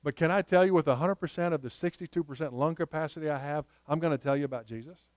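A man preaching a sermon in a fairly high, smooth voice. He tells stories earnestly and slows down to let key points land. The sound is close and dry, with no room echo. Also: darkish tone. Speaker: pastor.

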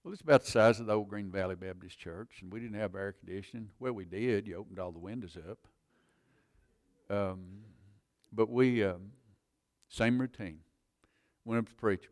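A man's voice: lowish voice, moderate pace, a little mellow. A man preaching, telling his own conversion story in an earnest, plain-spoken way. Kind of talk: sermon testimony.

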